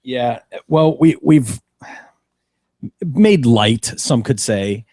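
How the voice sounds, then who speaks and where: Jokey podcast host, dry close mic. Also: male voice, mid-range voice, drawn-out words, no echo. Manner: jokey, laughs often, puts on silly French shouts. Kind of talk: casual comedic chat.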